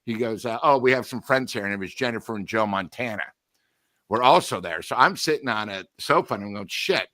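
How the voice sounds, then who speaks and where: A man co-hosting a sports talk show, telling relaxed, rambling anecdotes. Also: mid-range voice, dry recording, clean studio sound. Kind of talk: casual sports chat.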